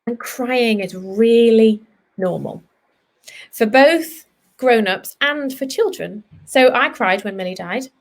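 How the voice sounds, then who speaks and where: Gentle woman vet teaching children. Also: on the high side, takes it slowly. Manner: soft, reassuring and earnest, talks straight to kids.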